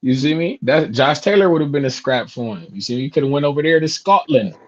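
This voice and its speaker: A man's voice: a little high, animated, quick pace, muffled recording. A man talking boxing in loose, profane, laughing banter on a live fight chat.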